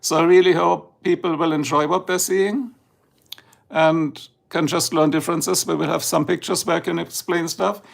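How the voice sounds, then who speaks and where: Gravelly German-accented man, chatty. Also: a little high, steady tone, normal speed. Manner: chatty, rambling, switches between English and German. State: just woken up. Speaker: livestream host. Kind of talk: casual livestream talk.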